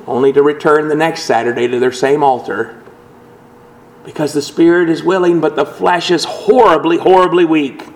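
A man with a somewhat high voice preaches a sermon to his congregation. He speaks earnestly and measured, and he gives the scripture quotations a dramatic lift. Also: fairly even intonation, rough recording. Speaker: pastor.

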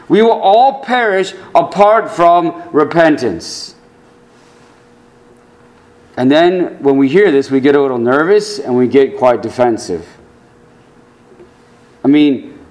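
Earnest, slow-preaching male pastor. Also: animated. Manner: earnest, swings between quiet low asides and raised emphatic lines. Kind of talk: sermon.

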